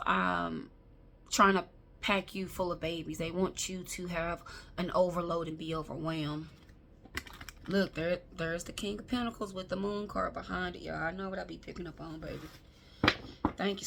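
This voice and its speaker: A woman reads tarot in a chatty, emphatic way and talks straight to viewers. Her voice is fairly low and has a gravelly fry. Faint noise hums in the background. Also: steady tone, measured pace, bright, forceful tone. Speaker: tarot reader. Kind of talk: casual tarot reading to camera.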